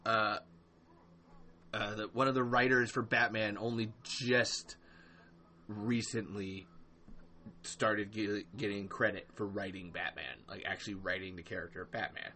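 A man's voice: on the low side, fairly even intonation, a little slow, sharp tone, a little hiss or hum. A man hosting a solo livestream podcast, ranting in a rambling, profane way, full of ums and restarts, and breaking off to answer live chat. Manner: reads and answers live chat mid-rant. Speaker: podcast host.

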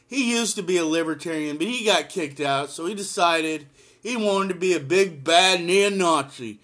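A man's voice: high-pitched, unhurried, a bit bright. A man giving impassioned solo political commentary and reading an article aloud, blunt and emphatic, repeating lines for force.

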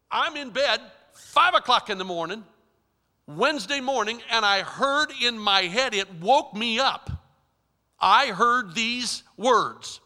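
Emphatic male preacher with a high, piercing bright voice, in a hall with long reverb. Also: very animated, a little slow. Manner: emphatic, dramatic shifts in loudness. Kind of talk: storytelling sermon.

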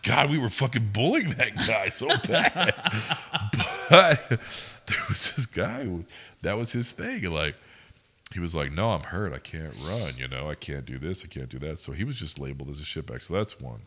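Low, bright-voiced profane male podcaster. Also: lively intonation, normal speed, breathy edge. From United States. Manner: profane, rambling storyteller. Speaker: podcast co-host. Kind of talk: casual chat.

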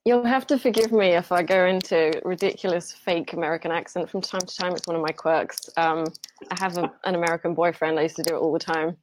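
Woman, singer-songwriter guest, fairly low voice, chatty, self-deprecating, headphone mic on a phone. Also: fairly even intonation, quick pace, a little hiss or hum. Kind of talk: casual interview chat.

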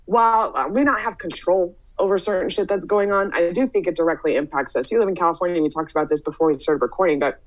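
A woman hosting a casual podcast conversation, speaking in a brisk, opinionated way with frequent "um" fillers. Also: lowish voice, low-quality recording.

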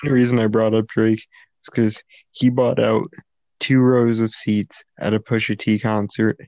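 A man hosts a loose podcast conversation with a gravelly voice. He is opinionated and teasing, and he trades dry jabs with his co-host. The sound is dry and close, with no room around it. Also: lowish voice, level tone, normal speed, a little mellow, no room sound. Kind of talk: casual podcast chat.

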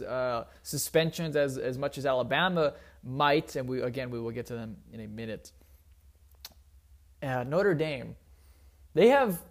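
A young man giving casual, opinionated solo sports talk as a commentator, rambling with frequent fillers. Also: on the high side.

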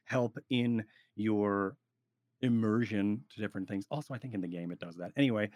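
A man in casual podcast chat giving roleplay advice, rambling and animated, with frequent restarts. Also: lowish voice, moderate pace, dry recording.

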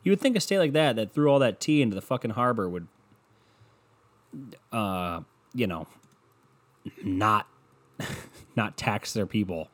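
A man's voice: fairly low pitch, animated, a little slow, long pauses. A man hosting a casual solo podcast, rambling and swearing sarcastically while browsing online maps at his desk. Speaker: podcast host. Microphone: computer mic at desk, browsing online maps.

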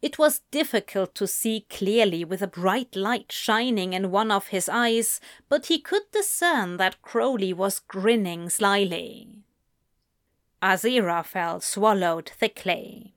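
A woman reading romance fan fiction aloud in slow, gentle narration. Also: medium pitch, expressive, no echo, clean studio sound. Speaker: audiobook reader.

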